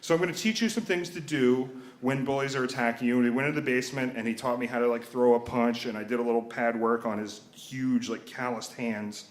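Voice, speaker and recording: A man's voice: mid-range voice, fairly even intonation, a little fast, few pauses, reverberant. A man in his thirties telling a personal story live, wry and self-mocking, acting out the voices of the people in it. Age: 30s.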